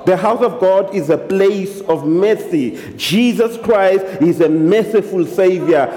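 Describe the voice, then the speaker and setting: A man's voice: sits high, a little slow, warm tone. A man preaching a sermon as pastor, switching between English and local languages and punctuating his points with amens. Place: church hall. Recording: echoey hall.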